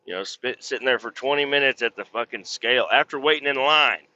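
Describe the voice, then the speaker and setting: A truck driver vlogger, speaking briskly in a sharp, medium-pitched voice, tells rambling, profane stories from inside his cab in a casual vlog. He mimics other people's voices as he goes. The recording is muffled, with a little hiss or hum.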